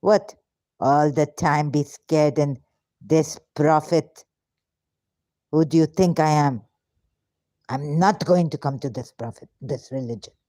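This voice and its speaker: A frustrated, confrontational woman rants at her viewers in a mellow, somewhat low voice. She speaks slowly and deliberately. The sound is close and dry. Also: no echo. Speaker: vlogger. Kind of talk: ranting monologue to camera.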